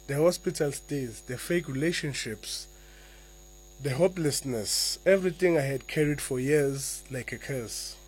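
A man, a guest author answering interview questions and reading slowly and deliberately from his own memoir. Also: mid-range voice, slight background noise, poor audio. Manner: soft-spoken, slow and deliberate when reading.

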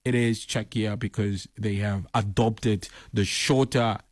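A man's voice: fairly low pitch, steady tone, slow pace, darkish tone, no room sound, studio quality. A man from Namibia, chatting casually about football and teasing with mock-exasperated rhetorical questions. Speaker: football fan vlogger. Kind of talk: casual commentary to camera.

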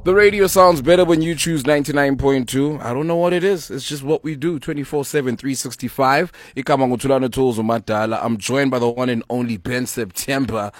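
A man's voice: mid-range voice, fairly quick, few pauses, no room sound. A South African man hosting a radio show, chatting in a playful, teasing way from the studio. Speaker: radio host. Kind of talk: casual radio chat. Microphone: studio mic.

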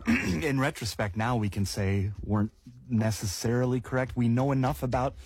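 A man's voice: medium pitch, normal speed, darkish tone, husky, dry recording. A man hosting a talk show, asking curious and skeptical follow-up questions. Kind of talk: conversational interview questions.

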